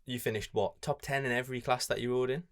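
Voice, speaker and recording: A man banters on a podcast at a quick clip, his voice sitting at a middling pitch. He teases his co-host bluntly and swears freely as he tells his side of the story. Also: fairly even intonation. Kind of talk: casual banter.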